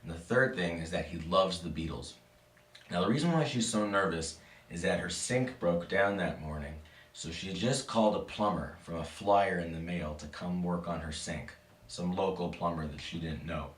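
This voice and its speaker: A man with a deep, low voice tells a spooky story in a casual, playful way, tossing asides to his listeners. His voice rings in a roomy space, picked up from a distance. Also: normal speed. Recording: echoey room, mic at a distance.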